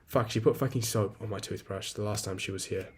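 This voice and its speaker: In a laid-back solo podcast, a host in his 20s vents and rambles with plenty of profanity. His voice is on the low side and husky, and his pace is fairly quick.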